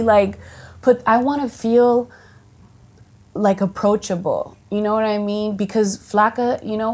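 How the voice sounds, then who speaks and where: An actress from the United States of Dominican heritage, chatting casually in an interview, full of fillers and restarts and lively quoted voices. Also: female voice, fairly high pitch. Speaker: actress and singer, guest.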